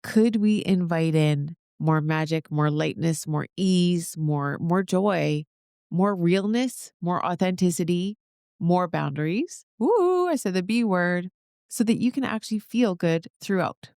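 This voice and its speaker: A woman's voice: on the low side, measured pace, gravelly, a little mellow, clean tone, no echo, clean studio sound. A woman hosting her own podcast, talking straight to her listeners in an upbeat, encouraging way. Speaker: podcast host. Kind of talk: solo motivational podcast talk.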